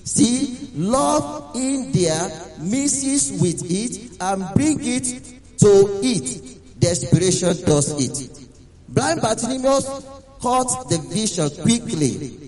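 A man's voice: very high voice, expressive, very slow, darkish tone, in a large hall, faint music behind, poor audio. A man preaching a dramatic sermon, sometimes drifting into a sung chant.

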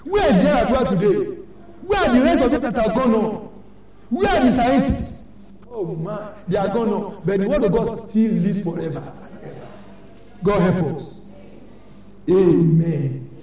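A woman's voice: mid-range voice, lively intonation, a little slow, warm tone, slight background noise. An older woman with a Nigerian accent, a church elder preaching a sermon in an emphatic, repetitive, scolding way. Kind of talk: sermon exhortation. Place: large church hall. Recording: echoey church hall from far off.

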